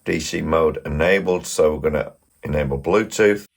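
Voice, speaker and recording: A man's voice: rumbling low, normal speed, vocal fry. A middle-aged man with a Yorkshire accent, hosting a model railway channel and chatting through a casual product review, rambling and asking viewers questions.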